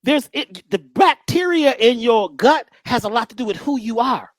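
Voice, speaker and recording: A man speaking as a guest in animated storytelling talk that is folksy and joking. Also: very high voice, normal speed, no echo. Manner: lively, joking, preacherly, folksy.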